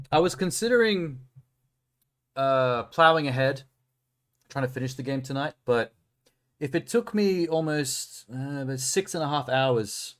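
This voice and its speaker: A man casually commenting as he plays a video game on a live stream, chatty and given to swearing and talking to himself. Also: medium pitch. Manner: chatty, profane, self-talking while playing. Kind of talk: casual let's-play commentary.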